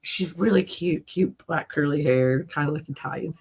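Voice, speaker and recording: A woman chatting casually on a livestream, a giggly, lively storyteller with a husky voice. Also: deep voice, normal speed. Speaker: co-host. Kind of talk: casual chat.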